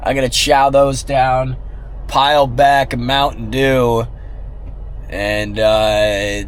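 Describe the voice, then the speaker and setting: Young man, late twenties, casual rambling vlog talk, jokey and offhand, clear wind and traffic noise behind. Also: medium pitch, level tone, slow. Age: late 20s. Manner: rambling, joking and offhand, with swearing. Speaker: vlogger. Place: in a car, then at an outdoor skate park.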